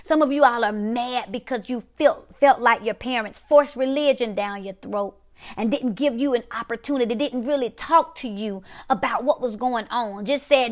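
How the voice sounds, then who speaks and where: Emphatic woman preacher, slightly high voice. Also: normal speed. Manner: emphatic, repetitive, drops to quiet one-word punches. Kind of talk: prophetic preaching to a viewing audience.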